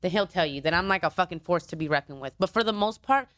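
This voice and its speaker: A woman with a smooth, clear voice talks openly in a relaxed podcast chat, with a casual swear here and there. The mic is close and dry. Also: fairly low pitch, fast, dry recording. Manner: candid and chatty, swears casually. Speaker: podcast guest.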